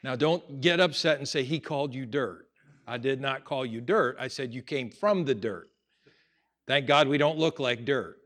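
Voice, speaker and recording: A man preaching a sermon, conversational at times and rising to loud, emphatic stretches. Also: medium pitch, normal speed. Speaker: pastor.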